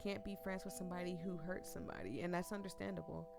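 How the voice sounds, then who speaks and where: A woman's voice: lowish voice, fast talker, creaky, over loud music. A woman hosting a let's play, chatting and reacting emotionally as she reads a story game.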